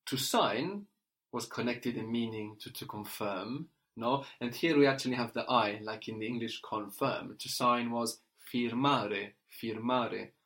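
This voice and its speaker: A male teacher explains step by step in a patient, unhurried way. He often checks in with a questioning "no?" as he guides a learner through a spoken lesson. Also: medium pitch, a bit bright. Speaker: language teacher.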